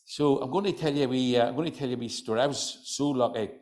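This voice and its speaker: An older man with a County Antrim accent telling folk yarns to a live room. He chats and teases, peppering everything with "you know". His voice sits at an ordinary mid pitch. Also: fast, darkish tone. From County Antrim, Northern Ireland. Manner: chatty, teasing, lots of "you know". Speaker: folklorist storyteller. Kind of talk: live humorous storytelling. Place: hotel function room.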